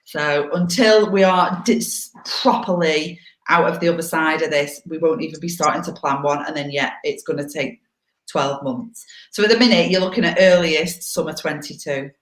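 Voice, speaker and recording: A woman in her forties co-hosting a casual live chat over a video call, candid and teasing. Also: sits low. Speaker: co-host. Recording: echoey room on a video call.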